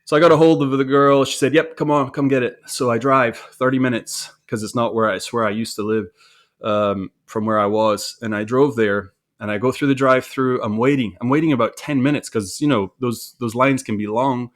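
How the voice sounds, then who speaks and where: A man's voice: mid-range voice, steady tone, a little fast. A man telling a story about his own mistake in a candid, self-reflective way, with frequent restarts and repeated words. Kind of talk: conversational storytelling.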